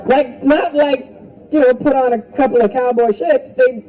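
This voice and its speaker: A comic with a very high voice works a club crowd at a moderate pace, swearing freely and slipping into animated impressions. The low-quality live recording captures the crowd, with laughter in the background.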